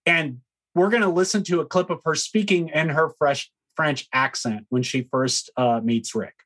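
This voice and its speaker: Casting: sardonic podcast co-host, relaxed chat, mid pitch. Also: normal speed. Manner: mocking, animated. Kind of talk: casual chat.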